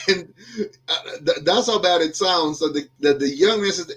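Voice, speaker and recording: A man's voice: on the high side, measured pace, a bit bright. A man hosting a casual podcast over a video call, a little under the weather, joking at himself and rambling with lots of fillers. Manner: jokey, self-deprecating, rambling with many fillers. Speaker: podcast host.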